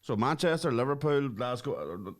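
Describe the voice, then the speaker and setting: A man's voice: medium pitch, brisk. A Northern Irish man co-hosting a podcast, chatting casually, laughing often and saying "aye". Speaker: podcast co-host. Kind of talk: casual banter.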